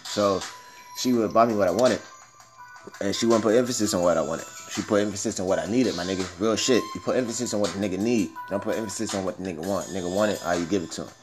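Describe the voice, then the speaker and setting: Podcast host: a young man from Miami, low-voiced and quick, slangy and profane, recorded on a phone. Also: faint music behind. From Miami, Florida, US. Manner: loose, profane, slangy, animated asides. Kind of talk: casual storytelling monologue.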